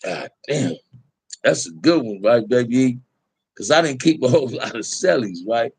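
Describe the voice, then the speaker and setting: A man's voice: mid-range voice, lively intonation, normal speed, a little mellow, breathy edge, dry recording. A middle-aged man telling prison stories in casual talk to a live chat, candid and laid-back, full of street slang.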